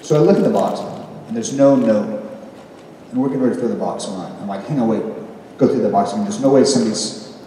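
A middle-aged man telling stories on stage at a convention panel, animated and self-deprecating, laughing often. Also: lowish voice, fast, slight background noise. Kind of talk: casual storytelling on stage. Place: large convention hall. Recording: echoey hall recorded from far off.

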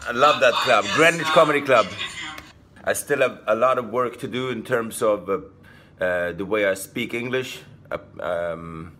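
A man's voice: medium pitch, sharp tone, slight background noise. Swedish-accented man vlogging casually. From Sweden. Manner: halting, self-deprecating, with many fillers. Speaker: comedian vlogger. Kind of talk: casual vlog talk.

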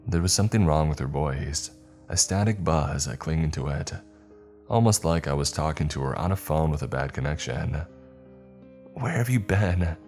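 Very deep-voiced male horror narrator. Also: moderate pace, darkish tone, soft background music.

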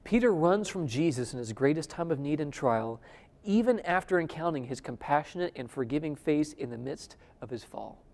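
Dramatic preacher in a reverberant hall. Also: male voice, on the high side, expressive, fairly quick. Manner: dramatic, swings between loud emphasis and hushed near-whisper; addresses the audience directly with questions. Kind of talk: sermon. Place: conference hall before a live audience.

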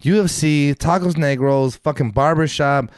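A man's voice: on the high side, moderate pace, clean tone, no room sound, clean studio sound. A man co-hosting a podcast in casual chat, telling stories with lots of swearing and laughter and acting out what people said. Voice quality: swearing, laughing storyteller who acts out quotes. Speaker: podcast co-host.

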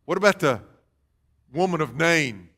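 A man preaching a sermon as pastor, calling out questions to the congregation and rising to loud, fervent passages. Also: a little high, animated, unhurried. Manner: call-and-response preaching, rising to loud fervor. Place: church sanctuary.

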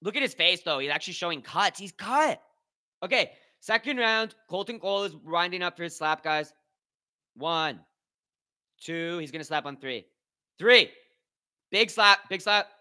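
A young man hosting a live watch party, commentating on slap fights with excitable, profane banter and shoutouts to his chat. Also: sits high, moderate pace, long pauses. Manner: excitable, swears a lot, talks to chat. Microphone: headphones with mic.

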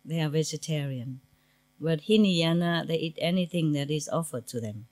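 A woman's voice: deep voice, moderate pace, darkish tone, no room sound. A woman speaking as a spiritual teacher to her disciples in an informal lecture, chatty and humorous, in non-native English with simple grammar. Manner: chatty and humorous, laughing between asides. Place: meditation centre lecture.

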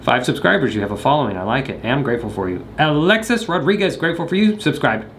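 Young guy vlogger with a lively, bouncing voice, goofy and jokey, faint room hum behind. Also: mid-range voice, fast talker. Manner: goofy, joking, talks to the camera. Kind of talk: rambling comedic monologue.

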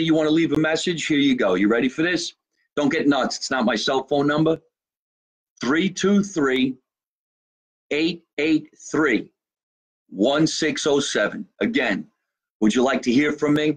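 Brash, husky-voiced New Jersey comedian. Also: male voice, medium pitch. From Jersey City, New Jersey. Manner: brash, profane, jokey, slows down to spell out contact details. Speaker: comedian hosting a live stream. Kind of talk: casual live-stream chat reading fan comments.

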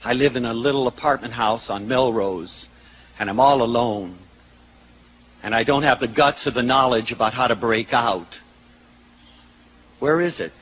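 A lonely caller asking where love can be found, as a lecturing man puts him on, dropping a little lower in pitch and speaking softer. The pleading is plain, in an everyday voice. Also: normal speed, pauses often, slight background noise, natural voice, rough recording.

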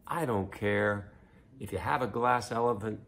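A man playing a fed-up bank teller, gravelly. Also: fairly low pitch, measured pace, a bit bright. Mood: exasperated.

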